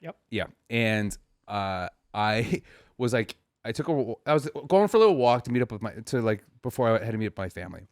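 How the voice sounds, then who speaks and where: A man's voice: fairly low pitch, very animated, a little fast, dry recording, studio quality. A man co-hosting a comedy podcast, telling a story in a rambling way with many restarts. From family from New Mexico. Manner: rambling with restarts, acts out voices in stories. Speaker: podcast co-host.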